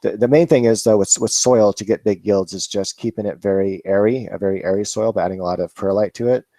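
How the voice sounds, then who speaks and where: A man's voice: on the low side, steady tone, quick pace, warm tone, dry recording. A man hosting a live Q&A, chatting casually and rambling with laughs and swearing. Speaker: vlog host answering viewer questions.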